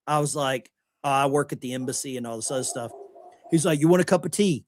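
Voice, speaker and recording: A man's voice: medium pitch, quick pace, a little hiss or hum. A middle-aged American man telling anecdotes in casual podcast chat and acting out the people he quotes. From United States. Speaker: podcast host.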